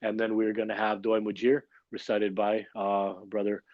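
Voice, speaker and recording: A man's voice: on the low side, completely flat delivery, normal speed, dry recording, highs cut off. A man hosting a religious gathering on a livestream, in an upbeat and informal way that includes jokes. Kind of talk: casual livestream announcing. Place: online livestream.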